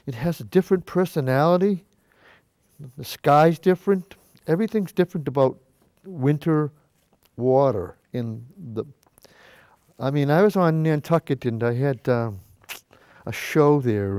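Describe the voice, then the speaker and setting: A man's voice: medium pitch, darkish tone, dry recording. An older man hosting a painting show from a cable TV studio. He chats in a folksy, rambling way while he works and sometimes steps back from the mic to look at the canvas. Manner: moves away from the mic to step back and view the canvas. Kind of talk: casual painting demonstration. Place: high school cable TV studio.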